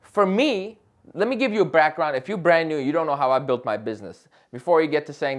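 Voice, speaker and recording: A man's voice: a little high, animated, fairly quick. A young man talking straight to camera in an advice vlog, passionate and emphatic, often checking in with "right?". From Chicago area. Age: young adult. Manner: passionate, emphatic, talks loudly with frequent "right?". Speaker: real estate agent and vlogger.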